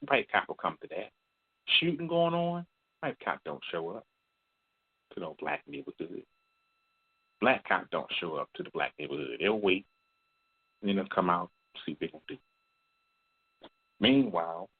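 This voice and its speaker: A man with a somewhat low voice calls in to share a confession, telling it bluntly and with plenty of cursing. He voices the people in his story as he goes. The sound is thin and tinny, like a phone line. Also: husky. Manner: blunt, profane storytelling, acts out quoted voices. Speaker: caller. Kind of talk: call-in confession.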